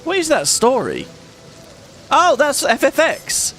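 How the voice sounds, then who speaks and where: A man's voice: extremely high pitch, wildly swooping pitch, slow pace, a bit bright, faint music behind. A man hosting a let's play, chatting casually and rambling as he thinks aloud and laughs often while he plays. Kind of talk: casual gameplay commentary.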